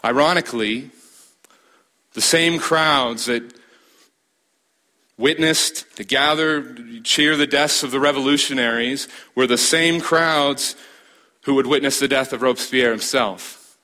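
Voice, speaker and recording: A man preaching a sermon as a pastor, building emphasis with dramatic pauses and repeated phrases. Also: medium pitch, bright, forceful tone.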